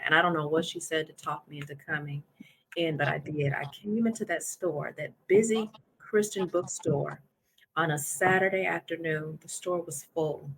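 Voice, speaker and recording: Woman guest, intense storyteller, gravelly and sharp-toned. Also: low-pitched, steady tone, moderate pace. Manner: intense, emotional retelling. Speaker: podcast guest. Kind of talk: personal storytelling.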